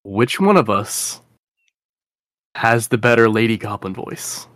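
A man's voice: lowish voice, animated, takes it slowly, fairly bright tone, no room sound, clean studio sound. Chatty man playing a tabletop game. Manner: chatty and scheming, talks in character. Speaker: player.

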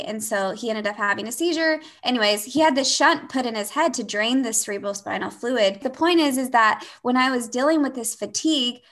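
A young woman telling a personal story in a casual conversation, animated and full of "like" fillers. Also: fairly high pitch.

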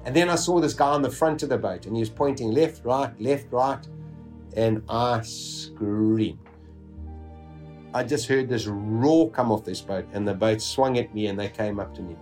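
A man with a mid-range voice recounts a survival story, animated and vivid. He voices his own inner thoughts and laces the telling with dark humor. Quiet music plays behind him. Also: medium pitch, moderate pace. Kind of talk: dramatic personal storytelling.

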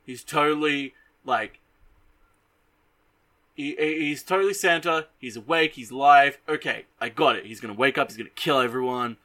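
Animated young man retelling a movie. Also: medium pitch, normal speed. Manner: animated storytelling, swearing, many restarts. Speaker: host. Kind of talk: casual movie recap.

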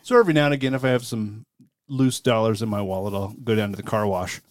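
A man co-hosting a podcast in casual chat, chatty and quick to laugh. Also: fairly low pitch, fairly even intonation, no room sound, clean studio sound. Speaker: podcast co-host.

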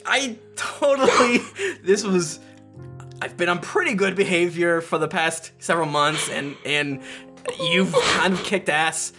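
A man's voice: high-pitched, measured pace, over music. A man playing the ghost of a brash young king in a tabletop game, talking earnestly through bursts of laughter. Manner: laughing, breaking into giggles mid-line. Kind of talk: tabletop game role-play.

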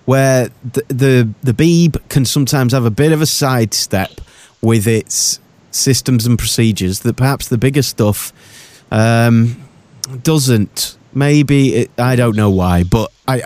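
A man co-hosting a podcast, chatting casually and animatedly about TV shows, jumping between thoughts with quick asides. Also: medium pitch, a little mellow. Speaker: podcast co-host.

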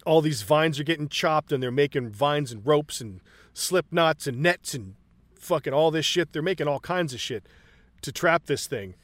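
A man co-hosting a casual film chat, excited and profane, acting out movie lines as he retells scenes. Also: fairly high pitch, moderate pace, dry recording. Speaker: podcast co-host.

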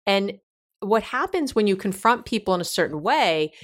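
A woman's voice: mid-range voice, sing-song, normal speed. A woman therapist hosting an advice show, talking through example conversations with frequent restarts and acted-out questions. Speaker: therapist host. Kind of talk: advice podcast talk.

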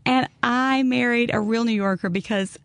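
A woman's voice: a little high, fairly even intonation, normal speed, smooth, no echo. A middle-aged woman with an Alabama Southern accent, telling stories and laughing often as a guest in a casual chat. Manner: chatty storyteller, laughs often. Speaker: guest author.

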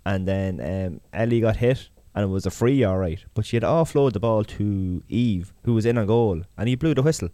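A man's voice: lowish voice, moderate pace, hardly any pauses, dark tone, dry recording. An Irish man co-hosting a podcast, talking casually in a rambling, hesitant way. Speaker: podcast co-host. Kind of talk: casual chat.

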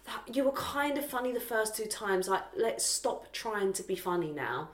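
A woman's voice: medium pitch, animated, moderate pace, reverberant. A woman, co-hosting a podcast, gushing in casual chat and swearing freely. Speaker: podcast co-host.

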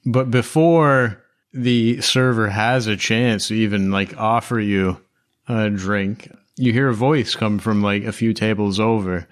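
A man's voice: fairly low pitch, fairly even intonation, measured pace. A man narrating a tabletop game as game master, casual and loose.

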